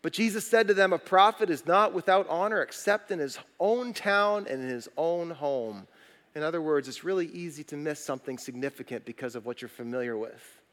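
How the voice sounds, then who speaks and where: High-voiced man preaching in a reverberant hall. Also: brisk, fairly bright tone. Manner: conversational, asks the congregation questions. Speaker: pastor. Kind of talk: sermon. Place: church auditorium. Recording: long reverb of a large hall.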